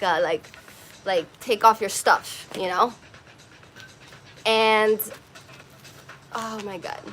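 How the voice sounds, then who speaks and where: A woman's voice: medium pitch, a bit bright. A woman hosting a podcast, telling a personal story in an emotional, rambling way and swearing freely. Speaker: podcast host.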